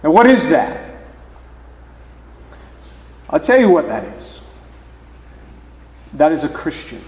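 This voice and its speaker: A male pastor with a slightly high voice delivers his sermon slowly and deliberately, often restarting his phrases. His voice rings through a church sanctuary with a long, roomy reverb. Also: very animated, a little mellow. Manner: slow, deliberate preaching with halting restarts. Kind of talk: sermon with scripture reading.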